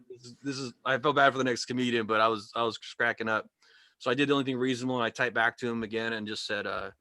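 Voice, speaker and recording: Over a video call microphone, a stand-up comedian performs his set, his bright, slightly high voice jumping up and down as he spins wry stories toward each punchline. He talks fast and expressively, and the sound is close and dry with no room around it.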